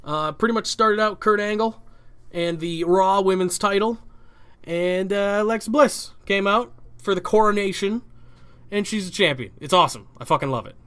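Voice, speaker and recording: A man with a high-set, bright, forceful voice co-hosts a casual wrestling podcast. He talks bluntly, swears freely and fires off quick verdicts one after another. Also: clear, resonant tone. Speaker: podcast co-host. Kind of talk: casual wrestling recap chat.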